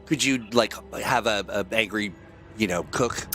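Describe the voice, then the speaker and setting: A man hosting a live stream, reading out chat questions and asking his own in a halting, searching way. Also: fairly low pitch, pushed and bright, faint music behind.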